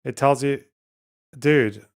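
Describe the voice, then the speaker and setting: A man streams live while playing a word puzzle, thinking aloud, swearing often and talking to his chat. His voice is mid-range, slow and clean in tone.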